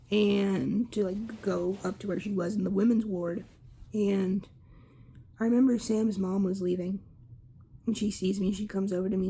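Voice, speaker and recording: A young woman candidly recounting a personal story in a halting, casual way, swearing freely. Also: medium pitch, warm tone, husky. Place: Lancaster area.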